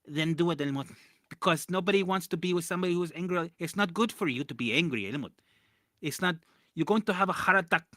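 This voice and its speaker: A man's voice: fairly high pitch, fast, pushed and bright, dry recording, clean studio sound, pitched above the performer's own voice. A man mimicking his scolding older mother. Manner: scolding, repetitive. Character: older nagging mother scolding her son.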